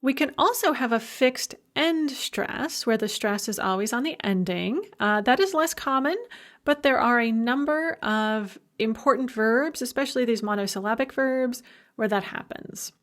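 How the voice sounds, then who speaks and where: A woman giving a recorded university language lecture, explaining in a chatty, informal way with quick asides. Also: on the high side, fairly bright tone. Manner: slow, stressed demonstration of spoken forms.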